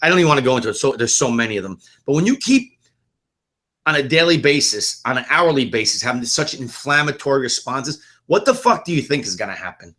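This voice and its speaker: A man's voice: medium pitch, lively intonation, quick pace, sharp tone. A man co-hosting a political podcast, ranting bluntly and swearing often in casual talk. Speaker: podcast co-host.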